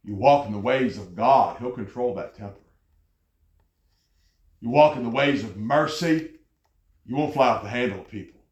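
A man preaching a sermon with an animated delivery, often jumping high in pitch as he acts out angry people. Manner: animated, jumps to high pitch when mocking others. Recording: echoey room.

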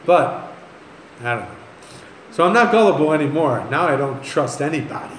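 A man's voice: a little high, expressive, normal speed, long pauses, a little hiss or hum. A man telling stories as a pastor in a sermon, folksy and joking, laughing at his own stories. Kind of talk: sermon storytelling. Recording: echoey room, faint ambience.

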